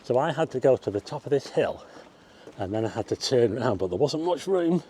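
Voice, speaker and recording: A man's voice: mid-range voice, animated, a little fast, warm tone, slight background noise. An older man chatting to viewers as he drives and climbs a hill, exclaiming and getting out of breath. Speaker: walking vlogger. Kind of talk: casual vlog narration. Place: outdoors, driving then hillside walk.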